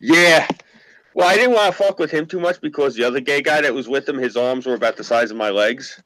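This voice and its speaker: A man's voice: mid-range voice, fairly quick, a bit bright, no echo, low-quality recording. A man from Queens with a New York accent, hosting a casual online chat and telling brash, profane stories. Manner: brash storytelling, swears freely.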